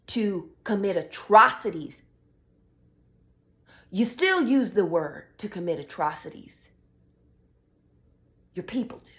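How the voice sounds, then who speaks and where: A woman's voice: medium pitch, very animated, measured pace, long pauses, a bit bright. Blunt, heated young woman ranting. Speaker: vlogger. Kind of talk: casual opinion vlog.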